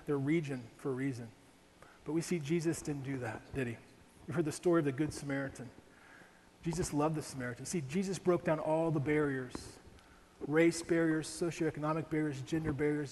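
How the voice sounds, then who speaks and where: A male pastor preaching a sermon in an animated way, asking rhetorical questions and slowing down to read scripture. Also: on the high side. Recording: hall reverb with faint ambient noise.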